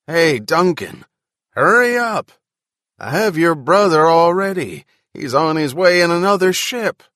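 A man voicing an energetic elderly man who talks loudly and in a hurry. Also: mid-range voice, no room sound, clean studio sound. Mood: urgent. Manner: loud, urgent, hurried.

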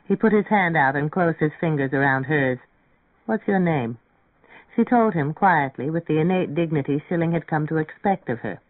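A man narrating an audiobook in a measured, even way. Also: a little high, no echo. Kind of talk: audiobook reading. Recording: dry, phone-like narrow sound.

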